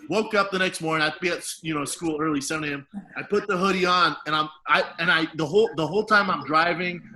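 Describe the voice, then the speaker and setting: A man in his thirties with a bright, forceful voice that sits a little high for a man. He tells embarrassing stories in a loose, profane way, laughing through them as a podcast co-host. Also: fast talker, low-quality recording. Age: 30s. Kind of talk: casual storytelling chat.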